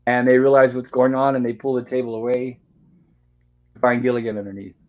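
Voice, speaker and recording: A man with a mid-range voice hosts a relaxed recap, walking through an old episode scene by scene. He reads the characters' lines aloud in a plain, conversational way, with no put-on voices. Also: medium pitch, fairly quick, highs cut off. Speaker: show host. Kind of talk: casual episode recap chat.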